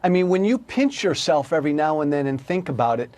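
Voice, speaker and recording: High-pitched, emphatic male commentator. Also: expressive, fast, darkish tone. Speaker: political commentator, former congressman. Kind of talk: opinionated panel commentary.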